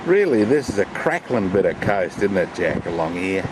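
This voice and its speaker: A man's voice: low-pitched, big pitch swings, moderate pace, few pauses. Chatty man outdoors in wind. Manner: chatty, talks to his dog, repeats himself. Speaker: travel vlogger. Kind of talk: casual travel vlog narration. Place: outdoors on the coast. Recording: loud wind noise outdoors.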